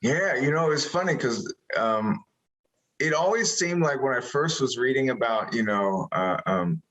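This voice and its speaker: A man, an actor being interviewed, talking casually and rambling, animated when he retells moments. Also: mid-range voice, measured pace, poor audio.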